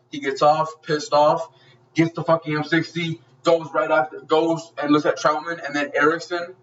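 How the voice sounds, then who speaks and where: A man with a slightly high voice gushes through an action movie plot, swearing constantly and throwing in gunfire noises. He sounds set back from a dull mic. A faint hiss sits under his voice. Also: recorded from a distance. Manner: excited, profane retelling with sound effects. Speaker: movie reviewer. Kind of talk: casual movie recap.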